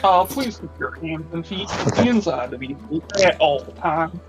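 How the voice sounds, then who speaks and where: A man's voice: a little high, animated, unhurried, soft background music. A man putting on the voice of a flight attendant making cabin announcements in a mock-formal way.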